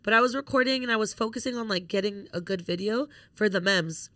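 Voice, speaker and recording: With a medium-pitched voice and a quick pace, a young female podcast co-host spins an animated story full of swearing and performed quotes. The recording has no room sound.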